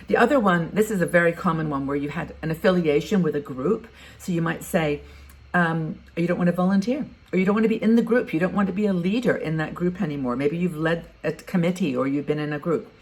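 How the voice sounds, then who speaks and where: A woman's voice: fairly low pitch, fast talker. A woman in her sixties, talking frankly and conversationally as she gives advice in a casual vlog. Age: 60s. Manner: conversational and frank, thinking aloud. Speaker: vlogger giving advice to retired women.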